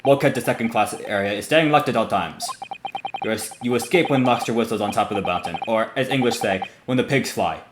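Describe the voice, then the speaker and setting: A man voicing a stern male ship's guard with a put-on Russian accent, speaking blunt broken English, recorded in an echoey room with steady noise. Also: lowish voice, a little fast, lightly acted. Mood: brusque. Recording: roomy echo with steady noise.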